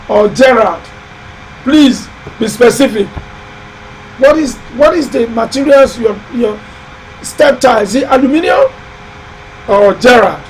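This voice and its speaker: A man hosting a live building-advice show, talking in a loud, emphatic, exhorting way with lots of repetition. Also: very high-pitched, creaky, a little hiss or hum, low-quality recording. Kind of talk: live-stream motivational talk.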